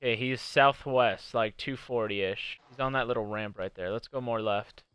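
A man calls out directions and warnings while playing a video game with his girlfriend. His voice is bright and smooth, and his tone is excitable and a little bossy. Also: mid-range voice, normal speed, dry recording. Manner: bossy, excitable coaching, swears. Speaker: gaming channel host. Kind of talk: casual gameplay commentary.

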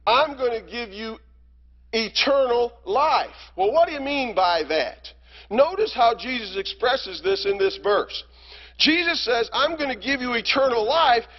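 A man teaching a Bible study lesson as a deacon, earnest and emphatic, asking rhetorical questions. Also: extremely high pitch. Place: church hall. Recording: reverberant lo-fi church hall recording.

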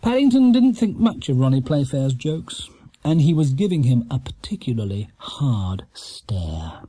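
A man narrating a children's storybook in a lively, expressive way. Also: medium pitch, unhurried, breathy edge, no echo. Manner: lively character-rich storytelling. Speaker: audiobook narrator.

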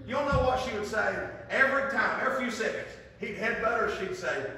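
Man, preacher, bright voice, impassioned then hushed, echoey church hall from far off. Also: very high-pitched, a little fast, a little hiss or hum. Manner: impassioned storytelling, swings from loud to hushed. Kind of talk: sermon with altar call. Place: church sanctuary.

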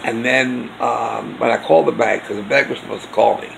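A man's voice: mid-range voice, steady tone, fairly quick, gravelly, a bit bright, a little hiss or hum, rough recording. A man earnestly telling a personal story in a rambling way for his vlog. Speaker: vlogger.

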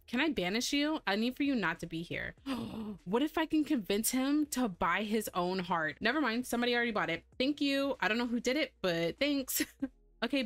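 A woman chats her way through a life-sim game, laughing easily and bossing her characters around. Her pitch leaps up and down with lively energy. The sound is dry and close, with faint game music underneath. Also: no echo. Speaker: gameplay streamer. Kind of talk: casual let's-play commentary.

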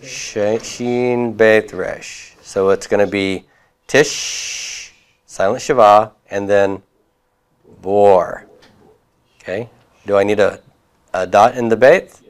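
A man's voice: on the low side, steady tone, slow pace, long pauses, smooth. A man teaching a class, reviewing homework and prompting students with questions, with occasional chuckles.

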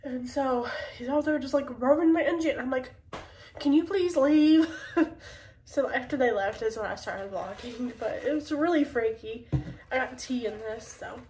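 A woman vlogger with a stuffed-up nose from a cold chats casually in her home kitchen, rambling with sighs and small laughs. Her slightly high, darkish voice moves at a moderate pace. She's a bit far from the mic in an echoey room, with a little hiss or hum.

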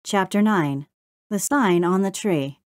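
A woman narrating a children's storybook in a steady, gentle read-aloud manner. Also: mid-range voice, slow pace, no room sound, studio quality. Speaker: audiobook narrator.

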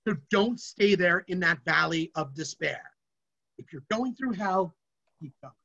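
Bright, energetic workshop presenter. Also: medium pitch, measured pace, vocal fry, dull audio. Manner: energetic and emphatic. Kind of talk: motivational workshop talk. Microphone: online video session.

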